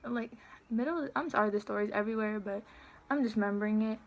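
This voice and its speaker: An eighteen-year-old woman casually telling a story on her vlog, chatty and animated as she acts out what was said. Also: mid-range voice, quick pace, gravelly. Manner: chatty, animated retelling with quoted dialogue. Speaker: vlogger.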